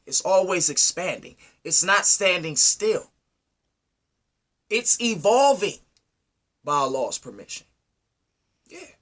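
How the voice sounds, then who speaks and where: A man delivering an impassioned, preachy monologue, firing rhetorical questions at his listeners and swinging from loud to low. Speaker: speaker addressing his community.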